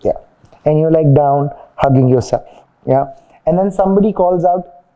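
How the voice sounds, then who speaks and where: Dance instructor, young man, a bit high and warm, chatty, checks in with the class. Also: moderate pace. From India. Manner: chatty, checks in with "yeah?" and "got it?". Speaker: dance teacher.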